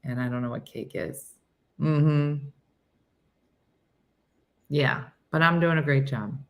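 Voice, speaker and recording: A woman's voice: deep voice, slow pace, highs cut off. Chatty sixty-year-old woman host. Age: 60s. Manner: chatty and self-mocking, reading out comments by name. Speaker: show host. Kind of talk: casual chat reading viewer comments.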